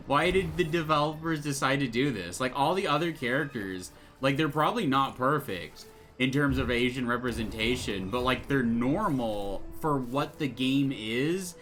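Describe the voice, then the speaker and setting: A young man talks through a video game in a loose, rambling way, dropping sarcastic asides and casual swearing. His voice sits at an ordinary middle pitch. Faint game music plays underneath. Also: lively intonation, measured pace, fairly bright tone. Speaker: let's play gamer. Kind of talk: casual gameplay commentary.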